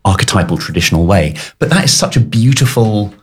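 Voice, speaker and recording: A man's voice: on the low side, lively intonation, fairly quick, husky. A man hosting a casual chat, speaking earnestly and often restarting his words.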